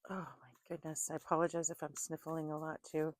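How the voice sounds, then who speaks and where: Low-voiced chatty woman reading tarot. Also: flat delivery, fairly quick, no echo, studio quality. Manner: chatty, laughs often between remarks. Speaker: tarot reader. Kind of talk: casual chat and tarot card reading.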